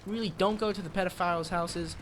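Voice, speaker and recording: A man hosting his own channel, rambling through dark jokes and cutting himself off mid-sentence. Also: high voice, fairly even intonation, quick pace, background noise. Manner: rambling, dark-joking, self-interrupting. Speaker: channel host. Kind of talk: joking rambling vlog.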